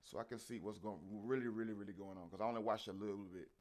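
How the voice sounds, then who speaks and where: A man with a fairly low voice hosts his own reaction video. He talks in a loose, rambling way, stopping and restarting, and swears freely as he thinks out loud. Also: fairly even intonation, very fast. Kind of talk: casual commentary.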